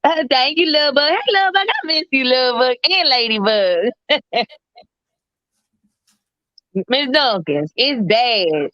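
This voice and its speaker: A woman's voice: high-pitched, lively intonation, slow, long pauses, no room sound. Chatty woman on a lo-fi line. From Mississippi. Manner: laughing, chatty, slangy. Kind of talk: casual chat.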